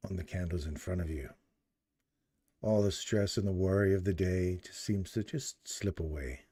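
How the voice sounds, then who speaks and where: A man voicing a calm male hypnotist in a whispered role-play, soft, gentle and slow. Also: deep voice, breathy edge, no room sound, studio quality. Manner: slow, lulling, drawn-out phrasing. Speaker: livestream host.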